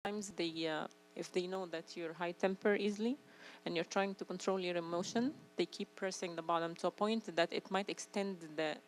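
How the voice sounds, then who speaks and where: A woman's voice: fairly low pitch, steady tone, fairly quick, a little hiss or hum, poor audio. A woman in the audience at a church parents' meeting asking a question. She speaks hesitantly, with fillers and small laughs. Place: church hall.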